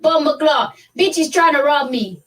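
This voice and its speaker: A woman's voice: high voice, moderate pace, background noise, lightly acted. Drunk raging Jamaican gangster man, heavy patois, voiced by a woman, slightly distant mic. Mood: furious. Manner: shouting threats in broken English.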